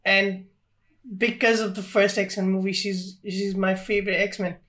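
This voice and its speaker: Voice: mid-range voice, little pitch movement, a little slow, fairly bright tone. A podcast co-host chatting casually about films, hesitant with many likes and ums. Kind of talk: casual film chat.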